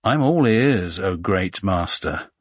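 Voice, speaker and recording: A man's voice: low-pitched, animated, slow, no echo, studio quality, heavily acted. A man voicing a sly male fixer who talks in a teasing, sardonic way.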